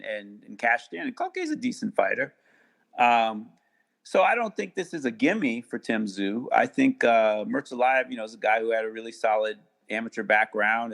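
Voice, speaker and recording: A man talking casually as a podcast guest, halting with many restarts and fillers. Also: medium pitch, creaky, a bit bright. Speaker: guest attorney.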